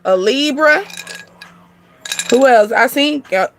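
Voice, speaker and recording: A woman's voice: high-pitched, expressive, slow pace, background noise. A woman giving a casual, chatty astrology reading to her viewers, laughing often and swearing casually. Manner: chatty, laughs often, sings and acts out snippets. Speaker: spiritual reader.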